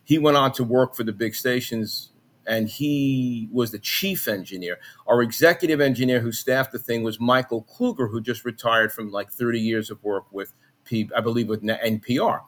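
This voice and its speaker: Guest, middle-aged man, faint Long Island accent, bright forceful voice, animated storyteller. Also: moderate pace. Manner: animated, jumps into high mock voices when recounting. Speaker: guest, former college radio announcer. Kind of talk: conversational interview storytelling.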